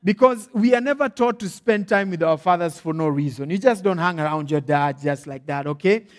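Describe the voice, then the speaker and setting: High-voiced Kenyan preacher. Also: male voice, brisk. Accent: Kenyan English. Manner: animated, checks in often with "all right?". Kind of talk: storytelling sermon.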